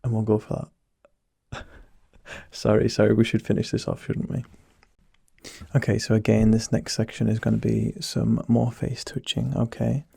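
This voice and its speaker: A soft, husky young man in a whispered role-play as a teasing doctor. His low voice has a gravelly edge and a dark, mellow tone, and it stays close and dry on the mic. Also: completely flat delivery, normal speed, pauses often, dry recording.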